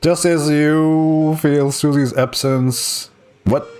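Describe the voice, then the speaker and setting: A man's voice: fairly high pitch, fairly even intonation, slow, darkish tone, soft background music. A young man streaming a game, reading its story text aloud with laughing, joking asides. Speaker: gaming streamer.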